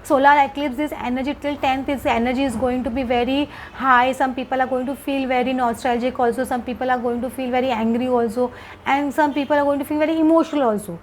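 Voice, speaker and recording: A woman with a high, light voice reads tarot cards to the viewer in a casual, hesitant way. She circles back on her points, repeating phrases and filling pauses. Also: steady tone, a little hiss or hum, rough recording. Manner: hesitant, repetitive, many fillers. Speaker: tarot reader. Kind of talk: casual tarot card reading to camera.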